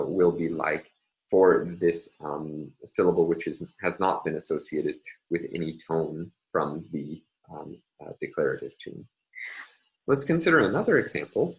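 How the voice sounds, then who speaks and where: A man lecturing on phonology in a measured, explanatory way, often pausing with filler sounds. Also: low voice, low-quality recording. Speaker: linguistics lecturer. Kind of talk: recorded lecture.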